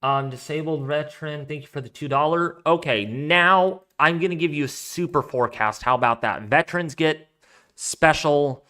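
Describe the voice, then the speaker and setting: A man's voice: fairly high pitch, normal speed, bright, forceful tone. A man hosting a weather live stream, chatting casually and rambling as he thinks aloud while reading out viewer donations. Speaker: weather livestream host.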